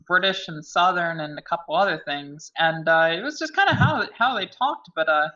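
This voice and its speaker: A man chatting with friends, telling stories in a halting way full of ums and uhs. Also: a little high, lively intonation, bright, forceful tone, highs cut off. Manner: halting, lots of fillers, joking. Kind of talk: casual chat among friends.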